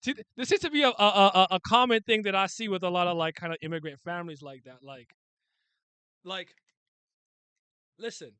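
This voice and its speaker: A young man from Canada chatting casually on a live stream, answering comments in an animated way and swearing freely. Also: high voice, brisk, long pauses, clean tone, dry recording. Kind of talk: casual live reaction chat.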